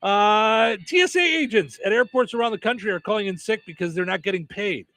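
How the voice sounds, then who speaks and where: A man's voice: high-pitched, a little fast, fairly bright tone, soft background music. A man hosting a radio show, reading news headlines and tagging each with a wisecracking joke. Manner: wisecracking, jokey punchlines after headlines. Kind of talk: comedic news-headline banter.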